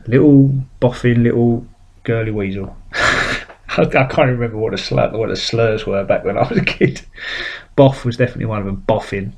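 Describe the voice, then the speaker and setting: A man's voice: fairly low pitch, gravelly. A man with a British accent hosting a weekly drawing show, chatting casually and telling self-mocking stories. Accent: British English. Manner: self-mocking storyteller, acts out quotes. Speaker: webcomic artist and show host. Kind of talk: casual rambling chat while drawing.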